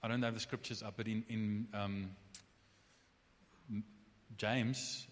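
A man preaching a conversational sermon, animated, with restarts and asides. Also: on the low side, slow. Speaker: pastor. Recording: long hall reverb.

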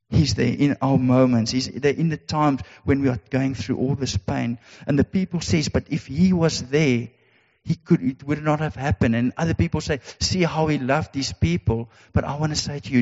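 Here a man delivers a sermon in a creaky, somewhat mellow voice of medium pitch. His preaching is earnest and full of repetition and forceful rhetorical questions, captured with dull audio in a hall that rings with reverb.

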